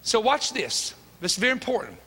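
Folksy Tennessee preacher, bright and ringing. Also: male voice, high-pitched, sing-song, a little fast, husky. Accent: Tennessee Southern. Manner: folksy and emphatic, acts out dialogue. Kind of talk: storytelling sermon. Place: church sanctuary. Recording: long hall reverb.

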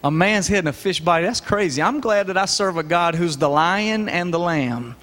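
A preacher with a high, light voice delivers a lively, folksy sermon to his congregation. The sound carries the long echo of a church sanctuary. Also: normal speed. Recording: echoey church hall.

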